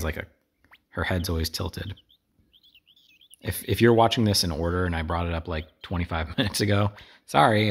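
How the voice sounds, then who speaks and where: A man giving casual, rambling commentary while playing a video game, with wry asides to his viewers. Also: low-pitched. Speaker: gameplay streamer. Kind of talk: casual let's play commentary.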